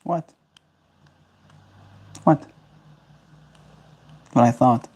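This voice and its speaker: A man's voice: mid-range voice, drawn-out words, warm tone, a little hiss or hum. Guy streaming, chatting casually, baby-talking his pet bird and answering chat. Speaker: daily live streamer.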